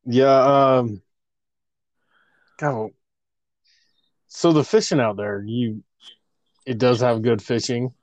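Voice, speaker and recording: A man's voice: mid-range voice, slow, pauses often, no room sound. A man co-hosting a casual podcast, playful and joking. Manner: playful, joking, laughs often. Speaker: podcast co-host. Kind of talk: casual chat.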